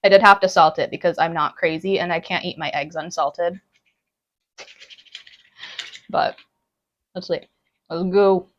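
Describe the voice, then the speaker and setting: A woman's voice: lowish voice, fairly even intonation, normal speed, lo-fi sound. A young woman chatting casually with her stream from home while she cooks and eats brunch, bubbly and laughing often. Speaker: live streamer.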